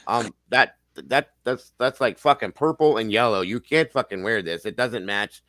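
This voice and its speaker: A middle-aged man hosting a casual group chat, talking in a lively way, swearing a lot and laughing often. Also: mid-range voice, normal speed, dry recording. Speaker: podcast host.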